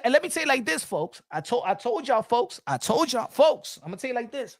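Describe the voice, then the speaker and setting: A man's voice: very high-pitched, big pitch swings, brisk, hardly any pauses, no echo. Emphatic boxing commentator man, dry sound. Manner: emphatic, repetitive, asks the chat and answers himself. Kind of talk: animated solo commentary to viewers.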